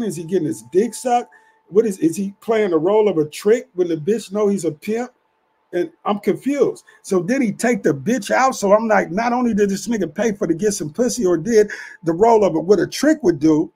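A man with a fairly high, gravelly voice tells a street story in a loose, casual way. His talk is husky and rough-edged, heavy with profanity. He keeps checking in with the listener, asking if they follow. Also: darkish tone. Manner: profane, streetwise, keeps asking "you know what I'm saying". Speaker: channel host telling street stories.

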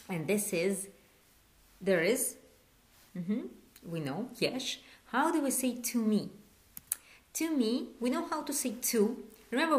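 A woman teaching a Hebrew lesson in English, patient, repeating words slowly and asking questions. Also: medium pitch. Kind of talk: online language lesson.

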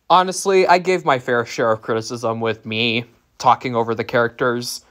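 A movie reviewer talking casually in a deadpan, sarcastic way. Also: mid-range voice, normal speed. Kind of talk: casual comedic review monologue.

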